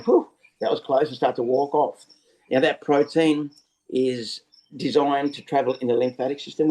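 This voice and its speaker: An Australian man, a snake catcher, explaining things over a video call in a lively storytelling way. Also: medium pitch, poor audio. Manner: lively storyteller who acts out scenes. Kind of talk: casual explanatory interview talk.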